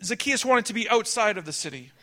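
A high-voiced man talks fast as he preaches a sermon, telling a story with animated delivery that swings between emphatic and hushed.

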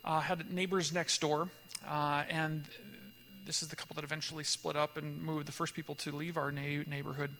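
A man leading a church group, telling a story in a lively conversational way and acting out the voices of people in it. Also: a little high, normal speed, gravelly, long reverb tail, slight background noise. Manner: animated storyteller, acts out dialogue, laughs often. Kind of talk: conversational teaching talk with storytelling.

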